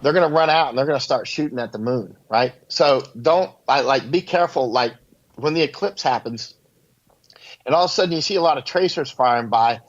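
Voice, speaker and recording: A man's voice: medium pitch, a little fast, highs cut off. A man telling rambling stories as an interview guest, with lots of fillers and laughing asides. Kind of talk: casual interview talk, storytelling. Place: near the southern border.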